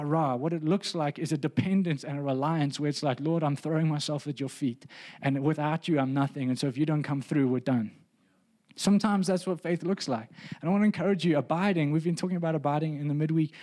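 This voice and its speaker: A man's voice: on the high side, a little mellow. A man, a pastor, telling a personal story in a sermon, earnest and building to emphatic preaching.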